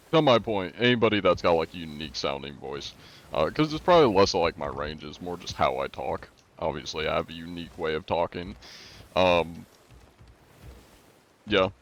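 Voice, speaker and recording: Low-voiced man streaming casually. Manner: rambling, many fillers and restarts; reads and answers chat. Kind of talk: casual live-stream chat while gaming.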